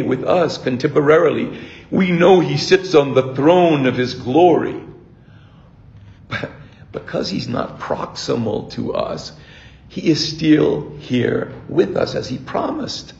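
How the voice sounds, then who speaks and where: Gravelly older priest preaching in a room. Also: male voice, a little high, a little mellow, roomy sound, highs cut off. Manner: reflective, halting with repeated restarts. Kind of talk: sermon.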